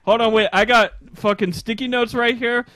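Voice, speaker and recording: A man's voice: extremely high pitch, steady tone, normal speed, sharp tone, no room sound. A man co-hosting a podcast in casual banter, laughing often and reading items aloud. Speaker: podcast co-host.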